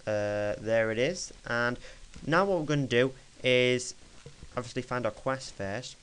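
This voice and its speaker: Young guy at his home desk narrating a step-by-step tutorial; smooth voice, easygoing, self-correcting ramble. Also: medium pitch, measured pace, a bit bright, poor audio. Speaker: tutorial maker. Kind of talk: casual screen-recorded software tutorial.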